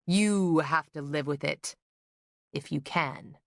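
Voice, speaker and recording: A woman's voice: sits low, slow pace, creaky, dry recording, studio quality, full character voice. A woman voicing a theatrical, melodramatic older man, an eccentric painter father who bellows and grumbles in an audiobook. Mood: theatrical lament. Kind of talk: audiobook character voice.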